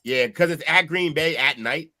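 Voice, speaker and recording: A man's voice: fairly high pitch, normal speed, bright, forceful tone. A man hosting a casual sports show with friends, loose and joking, swearing often. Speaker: sports podcast host.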